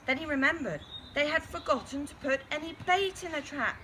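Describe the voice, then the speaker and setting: A woman reading a children's story aloud in a lively, expressive way. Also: sits high, fairly quick, a little hiss or hum.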